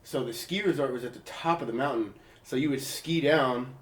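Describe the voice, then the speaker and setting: A man's voice: mid-range voice, moderate pace, echoey room. A young man from California hosting a podcast, telling a story in a loose, profane, slangy way and acting out what people said. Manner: profane, slangy, acts out quotes. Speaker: podcast host. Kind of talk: casual storytelling chat. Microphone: portable handheld recorder.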